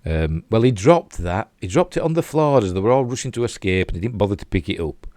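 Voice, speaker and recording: An older man with a broad Yorkshire accent chats his way through a TV review. His voice sits very low, and the sound is close and dry with no room around it. He rambles with plenty of fillers and mocks himself as he goes. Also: animated, quick pace, a little mellow, no room sound. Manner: chatty and self-mocking, with frequent fillers and asides. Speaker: TV show reviewer. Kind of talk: casual rambling review while replaying clips.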